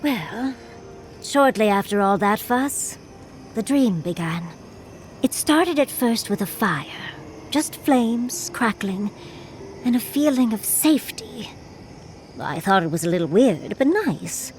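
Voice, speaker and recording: A woman's voice: fairly high pitch, very animated, slow pace, soft background music. An actress voicing a furred female adventurer companion in a video game, with a wry, teasing manner that tosses out darling and dear. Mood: wistful. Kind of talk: video game character dialogue.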